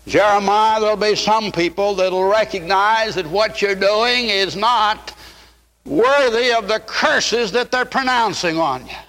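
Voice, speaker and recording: A man's voice: high-pitched, a bit bright. A man preaching a fervent sermon in a church, quoting scripture in old-style English. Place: church sanctuary. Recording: long hall reverb.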